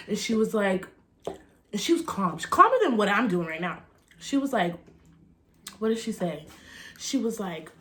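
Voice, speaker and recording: Young woman vlogger, lively dramatic storyteller, mid-range voice, faint background hiss. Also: mid-range voice, normal speed, pauses often. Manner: animated, dramatic, gasps and laughs while retelling. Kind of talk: casual storytime chat.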